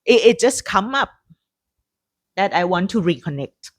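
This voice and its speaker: A woman from Thailand with a Thai accent, a native Thai speaker, co-hosting a casual podcast chat in a soft, halting way as she searches for words. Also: mid-range voice, sing-song, no room sound. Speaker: podcast co-host.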